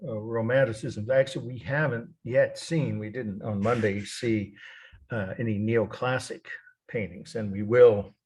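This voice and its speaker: A man's voice: on the low side, fairly even intonation, measured pace, darkish tone, a little hiss or hum. A middle-aged man teaching a college art history lecture, rambling and correcting himself as he goes, spelling names out letter by letter.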